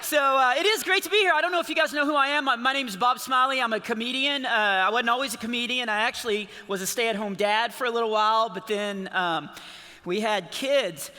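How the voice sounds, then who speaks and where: A man in his forties performs a stand-up comedy set in a large church auditorium. His voice sits high and very bright, and he keeps restarting his sentences with small chuckles. A long hall reverb trails after his words. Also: brisk. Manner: rambling, self-interrupting, chuckling storyteller.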